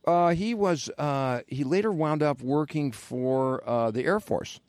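A man's voice: fairly high pitch, a little slow, a little mellow, no echo, clean studio sound. An older man and former radio host, telling rambling stories in casual podcast chat with many fillers.

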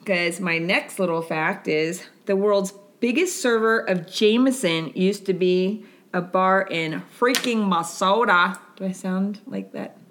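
A woman's voice: medium pitch, a little slow. A middle-aged woman from Florida co-hosting a casual chat, rambling through fun facts and laughing often. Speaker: podcast co-host.

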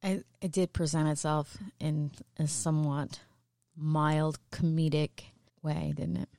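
A woman's voice: deep voice, little pitch movement, measured pace, gravelly, mellow, no room sound, studio quality. A woman co-hosting a podcast in casual chat, teasing and sharing facts. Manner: teasing, informative. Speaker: podcast co-host.

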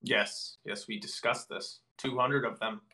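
A man co-hosting a casual podcast, reacting with quick wisecracks. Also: medium pitch, steady tone, pushed and bright. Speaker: podcast co-host.

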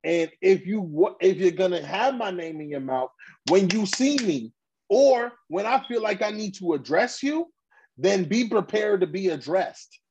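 A man's voice: high voice, expressive, a little slow, a little mellow, muffled recording, a little hiss or hum. A man hosting a casual podcast chat, ranting bluntly and heatedly in slang with many restarts. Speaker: podcast host.

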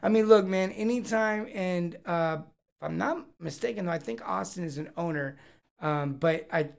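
A man's voice: high voice, moderate pace, creaky. A man hosting a live Q&A podcast, joking and rambling with lots of energy. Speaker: podcast host. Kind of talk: casual live Q&A chat.

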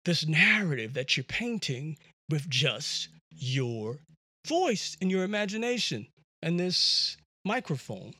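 A man hosting his own podcast in a loose, rambling monologue, full of asides and jokes. His voice is bright and sits a little high. The sound is dry and close, from a USB microphone at home. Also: big pitch swings, takes it slowly, husky, no room sound. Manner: rambling, jokey storytelling with many fillers. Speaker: podcast host. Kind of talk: casual monologue.

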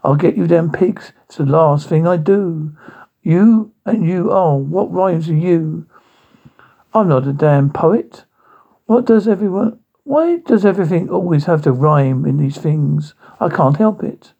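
A man's voice: a little high, unhurried, creaky, mellow, slightly rough, muffled recording, heavily acted. A man doing a ranting, cursing big bad wolf. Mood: irritable. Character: foul-mouthed grumpy big bad wolf.

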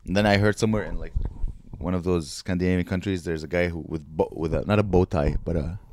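A man's voice: low voice, quick pace, slight background noise. A young man co-hosting a casual podcast, joking crudely and telling stories with lots of energy. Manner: joking, crude, animated storytelling. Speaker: podcast co-host.

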